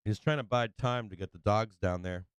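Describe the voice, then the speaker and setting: A low-pitched man with a clean, resonant voice rambles through a casual story, swearing freely and doubling back on his words. His voice is close and dry, with no room sound around it. He talks the way a live stream host chats with his viewers. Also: moderate pace, smooth, no echo. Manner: loose and profane, with many restarts and laughs.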